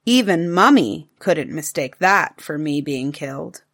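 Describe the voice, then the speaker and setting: A woman's voice: deep voice, animated, a little slow, a bit bright, pitched below the performer's own voice, full character voice. A woman voicing a patient, playful cave-man father who explains things, in a storybook reading.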